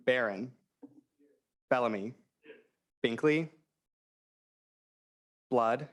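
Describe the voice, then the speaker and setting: Young man calling the roll, very slow and deliberate, mid-pitched voice. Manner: reads names one by one, apologizes for stumbles. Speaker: interim secretary.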